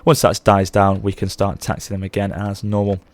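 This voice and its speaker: With a fairly low pitch and a completely flat delivery, this thirty-something gaming channel host talks a little fast. His let's play commentary is chatty and meandering, and he frequently fixes his own words mid-sentence.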